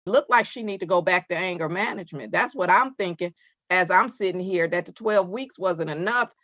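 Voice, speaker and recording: A woman's voice: on the low side, a little fast, fairly bright tone, dry recording, muffled recording. A woman judge sternly lecturing from the bench over a video call, firm and scolding.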